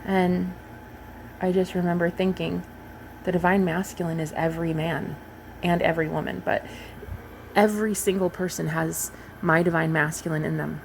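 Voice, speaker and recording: A woman's voice: lowish voice, steady tone, moderate pace, creaky, slight background noise, low-quality recording. A woman in her thirties, a coach talking earnestly and directly to her viewers in a casual vlog. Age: 30s. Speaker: manifestation coach. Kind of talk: casual spiritual vlog talk.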